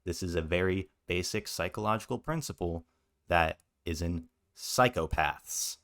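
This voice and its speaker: In his reaction commentary, a male channel host sounds indignant and emphatic, cursing and restating his arguments. He has a low voice with a fairly bright tone and keeps a measured pace.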